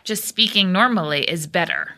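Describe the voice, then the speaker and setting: A woman's voice: fairly low pitch, normal speed, bright, forceful tone. A woman co-hosting a podcast, chatting casually and weighing her opinions thoughtfully. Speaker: podcast co-host. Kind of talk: casual chat.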